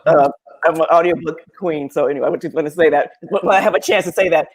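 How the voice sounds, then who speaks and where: A woman professor in casual panel conversation, animated and laughing often, acting out other people's voices. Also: deep voice, quick pace, husky. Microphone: video call.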